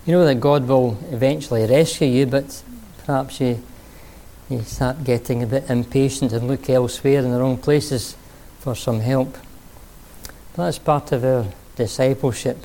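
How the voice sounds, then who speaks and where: A male preacher delivers a sermon in an earnest, storytelling manner. His voice is mellow and dark. He pauses now and then to rephrase. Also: medium pitch, fairly even intonation.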